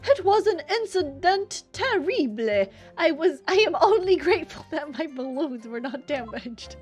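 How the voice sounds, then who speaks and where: A pompous balloon showman announces himself slowly and grandly, as a woman puts him on. The voice sits high, with soft music in the background. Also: big pitch swings. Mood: shaken.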